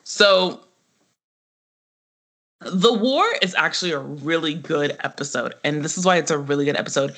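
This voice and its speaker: A woman co-hosting a casual podcast chat, her voice bright and forward. She rambles through episode plots with plenty of "like" and "um" and a relaxed, conversational flow. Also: fairly low pitch. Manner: chatty, full of fillers, quotes characters in animated voices. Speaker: podcast co-host. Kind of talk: casual chat recapping a sitcom.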